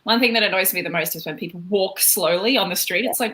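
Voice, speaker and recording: A woman's voice: mid-range voice, fairly bright tone, a little hiss or hum. A woman on a live panel chat, playful and joking, answering questions casually. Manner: playful, joking, quick to laugh. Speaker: panel guest.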